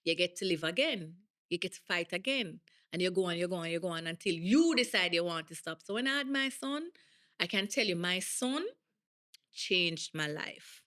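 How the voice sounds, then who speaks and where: Bright-voiced Jamaican woman telling stories. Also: fairly low pitch, normal speed. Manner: animated, emphatic, slips into patois. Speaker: guest athlete. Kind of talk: interview storytelling.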